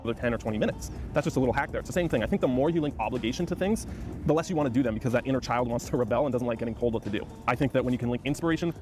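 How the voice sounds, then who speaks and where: Very fast-talking male self-help host. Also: medium pitch, darkish tone, soft background music. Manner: encouraging, calls for comments. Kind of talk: motivational direct-to-camera talk.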